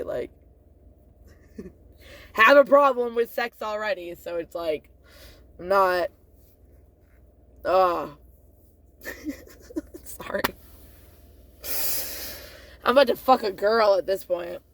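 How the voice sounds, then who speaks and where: Woman rambling to camera, swears a lot, gravelly fry in her voice. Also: medium pitch, animated, measured pace, long pauses. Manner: rambling, profane, laughs often, loses track. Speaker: vlogger. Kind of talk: rambling casual monologue.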